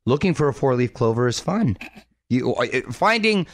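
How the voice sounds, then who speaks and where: A man hosting a radio show in a studio, talking in energetic, playful banter and laughing often. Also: medium pitch, moderate pace, no echo. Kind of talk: upbeat radio banter and promos.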